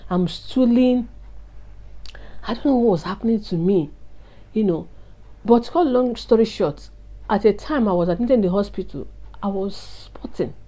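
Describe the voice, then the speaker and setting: A woman vlogger confides an emotional testimony to her viewers, earnestly addressing them as "guys." Her mid-range voice is mellow, moving at normal speed but with long pauses.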